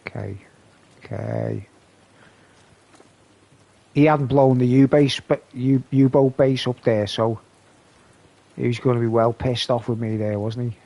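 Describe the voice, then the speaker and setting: Guy streaming, slow gravelly delivery, rambling gameplay chat. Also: medium pitch, steady tone, dark tone. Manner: rambling, chatty, peppers talk with "mate". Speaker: game streamer. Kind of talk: live gameplay commentary.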